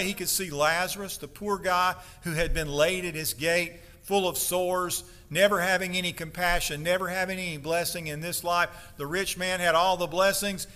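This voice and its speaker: Preacher, male, high bright voice, dramatic sermon in a reverberant church hall. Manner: impassioned preaching, acting out pleading voices. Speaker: pastor.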